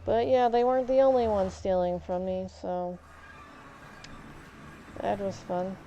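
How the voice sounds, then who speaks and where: Woman streamer, unhurried and rambling, soft dark tone, casual storytelling. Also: mid-range voice, little pitch movement, dull audio, a little hiss or hum. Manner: rambling, full of fillers and restarts. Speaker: live streamer. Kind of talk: casual storytelling while gaming.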